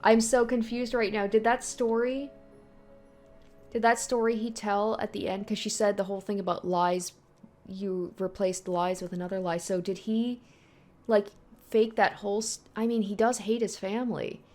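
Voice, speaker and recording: A woman's voice: medium pitch, fairly even intonation, moderate pace, darkish tone, faint music behind. A woman casually reacting and thinking aloud while she plays through a story game, chatty and easily surprised. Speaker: let's play host.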